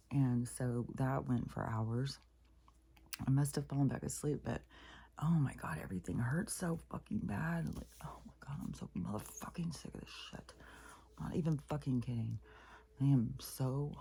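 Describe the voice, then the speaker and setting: A woman's voice: a bass voice, creaky, warm tone, breathy edge. A woman, the regular host of a spiritual vlog, talking in a loose, rambling way, venting with lots of swearing and sometimes dropping to a whisper. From Pacific Northwest of the US. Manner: profane, irritated venting, trailing into whispers. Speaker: spiritual vlogger. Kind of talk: rambling casual monologue.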